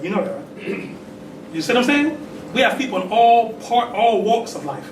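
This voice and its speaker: A man's voice: high voice, normal speed, fairly bright tone. A man giving a call-and-response religious talk, conversational and full of "right?" tag questions. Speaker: temple leader giving a talk. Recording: echoey distant room recording with noise.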